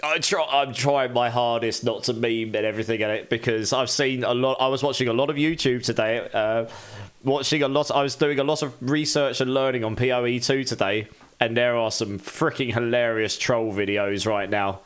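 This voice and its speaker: A man's voice: medium pitch, steady tone, moderate pace, clean tone. A man chatting casually on a live game stream, thanking viewers and speaking candidly.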